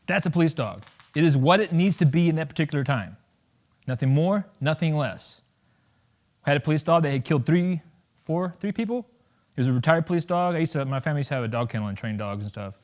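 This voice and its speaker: A man in his thirties speaks to a college audience in an animated, jokey way. His voice is a touch higher than most men's, and he keeps slipping into quick acted-out voices to make his points. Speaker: guest speaker. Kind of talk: campus talk to an audience.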